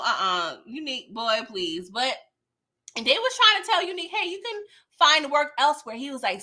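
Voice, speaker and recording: A woman's voice: high-pitched, pushed and bright. A woman hosting a casual live TV recap, talking in slang, laughing often and acting out scenes in quoted voices. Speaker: YouTube show recap host.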